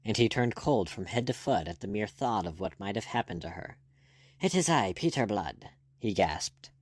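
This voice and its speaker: A man reading an audiobook aloud in a steady, measured way. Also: on the low side, no echo. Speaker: audiobook narrator. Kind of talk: scripted narration.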